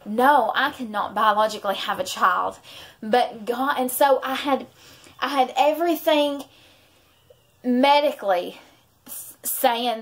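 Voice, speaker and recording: A woman tells a personal faith story in a heartfelt, rambling way, circling back and restarting her sentences. Her voice sits a little high for a woman. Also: measured pace, pauses often. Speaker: vlogger and mother. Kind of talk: emotional personal testimony.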